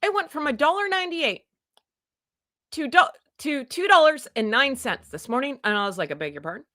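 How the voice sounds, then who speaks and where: A woman from Canada hosting a casual livestream from home, chatty and self-deprecating, greeting viewers by name in a loud voice. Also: sits high, expressive, moderate pace, no room sound, studio quality. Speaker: livestream host. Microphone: desk microphone.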